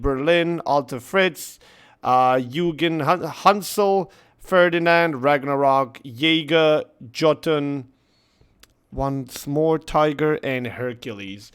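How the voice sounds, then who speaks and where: A man recounts a household mishap to his viewers in casual vlog style. His voice sits a little high for a man, and he takes his time. He keeps breaking into laughter while he tells it. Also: takes it slowly, a bit bright, clean tone. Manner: chatty, laughs through his story. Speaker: gaming channel host.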